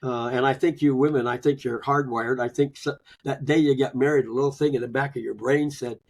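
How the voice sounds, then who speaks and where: Older male guest, gravelly and husky, homespun storyteller who drops to a murmur at line ends. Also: medium pitch, fairly even intonation, brisk. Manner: folksy storytelling with chuckles, trailing off softly. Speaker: guest, grief author. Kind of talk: conversational interview.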